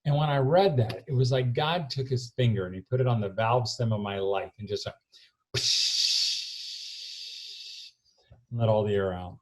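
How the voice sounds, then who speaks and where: A middle-aged man telling a story in a keynote talk, recorded alone in his barn, acting out his own quotes loudly. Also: medium pitch, quick pace, few pauses. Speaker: homeschool speaker. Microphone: self-recorded camera.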